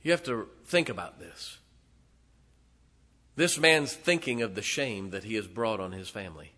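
A male preacher delivering a sermon, retelling a story dramatically with sudden loud swells and hushed drops. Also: on the low side, expressive, normal speed.

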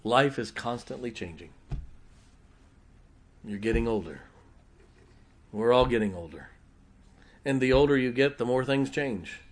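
Folksy preacher man, loud then hushed. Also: mid-range voice, lively intonation, unhurried, pauses often. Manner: folksy, dynamic, humorous, shifting from loud emphasis to quiet intimacy. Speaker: pastor. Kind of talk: sermon.

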